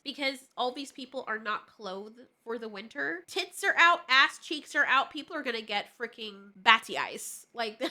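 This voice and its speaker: Excitable high-voiced woman breaking down a trailer. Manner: excitable, jokey, profane. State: stuffy nose. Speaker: trailer reviewer. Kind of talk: casual trailer analysis.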